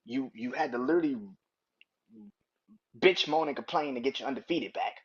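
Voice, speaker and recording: A man's voice: mid-range voice, moderate pace, slightly rough. A man hosting a solo sports podcast, ranting in a heated, profane, emphatic way. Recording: dull lo-fi recording.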